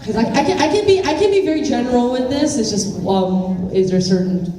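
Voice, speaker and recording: A woman's voice: fairly high pitch, animated, fairly quick, mellow. Giggly woman, far off in an echoey room. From California. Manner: chatty and giggly, many fillers. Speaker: interview guest. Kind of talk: casual interview answers.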